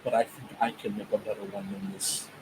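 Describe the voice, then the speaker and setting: A man's voice: lowish voice, level tone, heavy background noise. A man hosting a reaction video, laughing often and groaning at the cooking. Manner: laughs a lot, drawn-out dismayed remarks. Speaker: channel host reacting. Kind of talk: casual reaction commentary.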